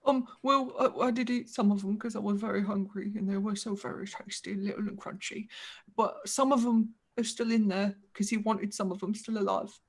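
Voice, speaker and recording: A woman's voice: medium pitch, fairly even intonation, brisk, husky. A woman voicing a timid male goblin captive, stammering and rambling as he pleads. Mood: frightened. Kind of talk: tabletop role-play voicing.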